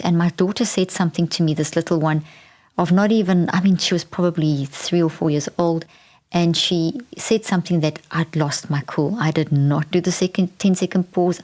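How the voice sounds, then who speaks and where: Low-voiced woman telling a candid story. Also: darkish tone. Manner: reflective, candid, with frequent restarts. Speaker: podcast host. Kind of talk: personal storytelling.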